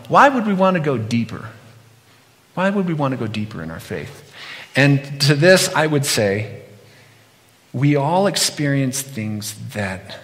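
A middle-aged man giving a conversational sermon, telling animated stories and acting out quotes. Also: mid-range voice. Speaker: pastor. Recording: long hall reverb.

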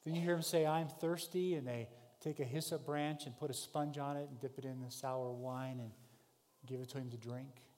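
A man preaching a sermon, telling a vivid story in the second person, rising to shouts and dropping to hushed tones. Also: medium pitch, fairly even intonation, fairly quick. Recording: long hall reverb.

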